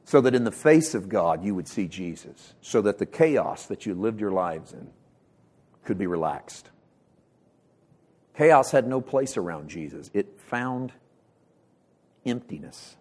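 A male pastor delivering a sermon with passion, swinging from loud bursts to hushed lines and repeating words as he builds emphasis. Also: fairly low pitch, animated, unhurried, long pauses. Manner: impassioned preaching with sharp swings from loud to hushed.

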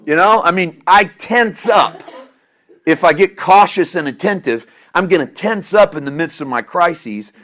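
A middle-aged man preaching a sermon, swinging between loud emphatic lines and quiet asides, chuckling at himself now and then. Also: sits high, expressive, measured pace. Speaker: pastor.

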